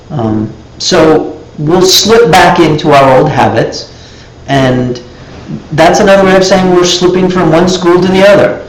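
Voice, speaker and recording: A man's voice: a little high, roomy sound, a little hiss or hum, low-quality recording. A man teaching a live class, telling stories and acting out little dialogues in raised voices.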